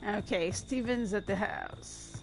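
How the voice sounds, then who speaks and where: Slow-talking giggly woman gamer. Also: medium pitch, music in the background. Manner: chatty, giggly, excitable. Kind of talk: gameplay commentary.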